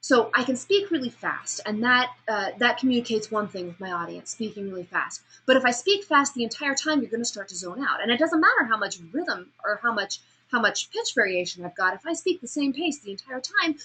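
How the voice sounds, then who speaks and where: A woman teaching a speech class, her voice bright and forward with a husky, breathy edge. She talks in an animated way, questions the students, and acts out each sound and change of pace as she explains it. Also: a little high, brisk, few pauses, rough recording. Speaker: speech instructor. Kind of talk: classroom lecture on vocal delivery.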